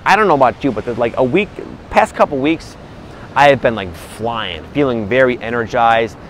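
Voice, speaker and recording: A man giving a casual spiritual talk to his viewers, relaxed and rambling, with many fillers and restarts. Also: mid-range voice, moderate pace, slight background noise, low-quality recording. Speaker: spiritual vlogger.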